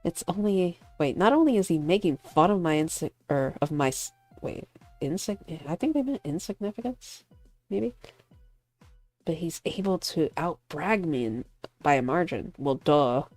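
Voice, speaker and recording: A woman playing through a visual novel, reading the narration and adding animated, laughing commentary. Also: low-pitched, dry recording. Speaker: streamer voicing a visual novel.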